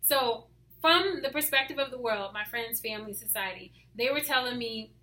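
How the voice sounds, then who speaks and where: A woman talking casually about her faith, hyper and animated, often dropping to soft asides. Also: on the high side, normal speed. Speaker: faith vlogger. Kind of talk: casual devotional talk to camera.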